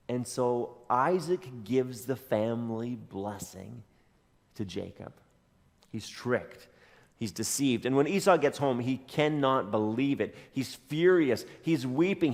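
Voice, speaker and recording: A man's voice: mid-range voice, unhurried, a little mellow. A man preaching a sermon as a pastor, telling a story in a conversational way with dry jokes. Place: church sanctuary. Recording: long hall reverb.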